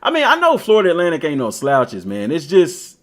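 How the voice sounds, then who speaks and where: Animated slangy man commenting on a game. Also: on the high side, fairly quick. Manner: slangy, talks to the team directly, animated. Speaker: gaming streamer. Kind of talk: casual commentary on a video game.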